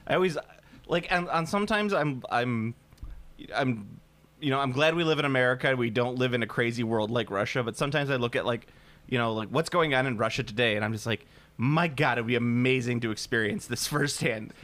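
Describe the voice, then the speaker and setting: Male podcast co-host, mid-pitched, rambling and jokey, casual banter. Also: a little fast, fairly bright tone. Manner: joking, rambling, with many restarts and bits of humming. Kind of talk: casual chat.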